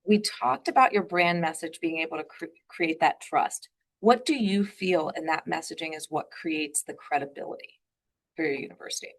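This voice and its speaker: A woman hosting a webinar interview over a video call, talking fast and upbeat, with frequent ums and rights. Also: low voice. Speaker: webinar host.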